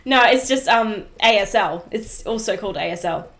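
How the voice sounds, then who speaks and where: A woman with a blocked nose chatting casually and excitably on a live-streamed podcast, giggling and swearing a lot. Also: mid-range voice, normal speed, slight background noise. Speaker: podcast co-host. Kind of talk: casual chat about a show.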